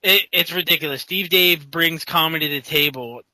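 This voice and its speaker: A man with a high, very bright voice tells stories in a relaxed conversation and slips into quoted voices as he goes. The sound is dry and close to the mic, with no room around it. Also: moderate pace, dry recording, poor audio. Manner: animated anecdote-teller who acts out quotes. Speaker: guest in a casual tabletop-gaming chat. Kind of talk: casual storytelling chat.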